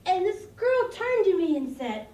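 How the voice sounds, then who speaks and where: A woman's voice: very high-pitched, big pitch swings, a little slow, a little mellow, full character voice. A woman playing a giggly, lonely seventh-grade girl. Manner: giggly, rambling and self-conscious. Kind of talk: confessional monologue to a camcorder. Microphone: camcorder mic. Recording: roomy sound from a distance.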